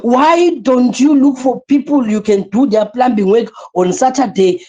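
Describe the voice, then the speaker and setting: A woman's voice: on the high side, unhurried, dark tone, lo-fi sound. A woman teaching an online class, lecturing with energy, repeating her points and asking the listeners rhetorical questions.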